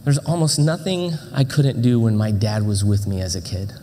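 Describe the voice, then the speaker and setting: A middle-aged male pastor telling a story in a sermon with animated, dramatic delivery and frequent self-interruptions. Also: lowish voice, moderate pace, a little hiss or hum. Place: church auditorium. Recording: long hall reverb.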